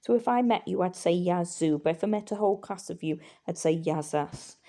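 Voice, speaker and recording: A woman teaching a recorded language lesson, patient and reassuring, with frequent fillers and pauses. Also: mid-range voice, vocal fry, warm tone.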